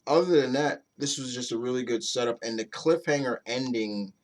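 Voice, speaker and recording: A man at an ordinary middle pitch talks through a comic book review in a loose, rambling way. He swears now and then, restarts sentences often, and keeps it casual and chatty. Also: moderate pace.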